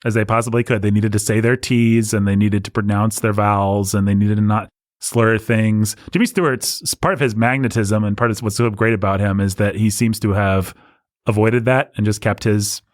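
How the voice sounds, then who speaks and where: Chatty low-voiced man explaining films. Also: steady tone, moderate pace, no echo, studio quality. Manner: talkative, explanatory, many restarts. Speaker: podcast co-host. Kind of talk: casual film discussion.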